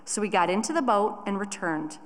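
A woman's voice: mid-range voice, lively intonation. Woman reading scripture in reverberant church. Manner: slow, measured reading. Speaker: scripture reader. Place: church sanctuary.

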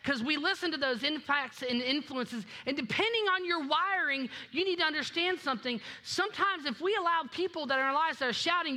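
A pastor preaching a sermon in a lively way, acting out quoted voices and dropping low and quiet for emphasis. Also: a little fast, hardly any pauses. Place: church sanctuary.

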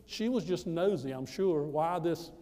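A man from the United States, pitched a little high for a man, preaching a personal testimony with emphatic, repetitive storytelling. His voice rings out in a hall with a long, lingering reverb. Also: expressive, measured pace, dark tone. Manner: emphatic, repeats phrases for effect. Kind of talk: storytelling sermon.

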